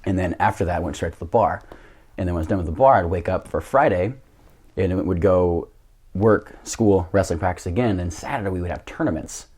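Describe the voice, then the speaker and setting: Low-voiced young man telling stories. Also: brisk, husky. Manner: lively, swearing, self-mocking storyteller. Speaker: podcast guest, jiu-jitsu coach. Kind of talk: casual storytelling.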